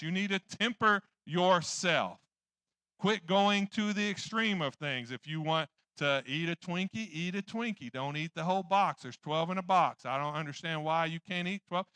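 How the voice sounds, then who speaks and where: A man's voice: high voice, bright, forceful tone, dry recording. A man preaching a sermon in church, rambling and joking at his own expense. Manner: rambling, joking, self-deprecating.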